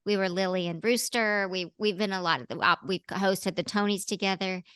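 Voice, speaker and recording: A woman talking as an actress guest in a casual interview, bubbly and quick to laugh. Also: mid-range voice, fairly bright tone, clear, resonant tone, dry recording. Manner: bubbly, laughing, jumps into playful voices.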